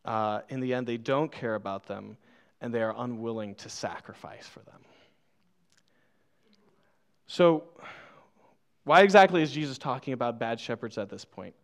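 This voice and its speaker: Here his voice is mid-range with vocal fry, at a moderate pace and with frequent pauses. The young man's church sermon features a funny story from his childhood, full of self-deprecating laughter, leading into scripture.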